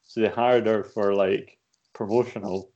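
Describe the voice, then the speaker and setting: A man telling animated anecdotes in casual chat and swearing freely. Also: fairly low pitch, a little slow. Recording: dull lo-fi sound.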